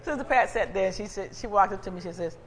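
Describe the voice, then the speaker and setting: A woman preacher giving a sermon with personal testimony, animated and conversational, calling out to the congregation. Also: medium pitch, fast talker, long reverb tail, a little hiss or hum. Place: church sanctuary.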